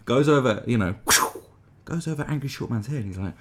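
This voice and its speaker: A man's voice: medium pitch, lively intonation, moderate pace, darkish tone. A man delivering a sarcastic, rambling comedic monologue as the host of a commentary channel, with frequent restarts.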